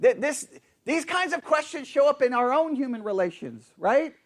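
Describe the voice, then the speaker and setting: A man's voice: extremely high pitch, sing-song, normal speed. A man teaching a conversational Bible study who asks his class questions and acts out quoted lines.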